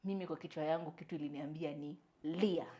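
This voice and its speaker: A woman's voice: low-pitched, fast talker. A young adult woman, co-hosting a podcast, telling a story in casual chat, acting out what people said and mixing in Swahili. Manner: animated storyteller, slips into Swahili, acts out quotes. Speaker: podcast co-host.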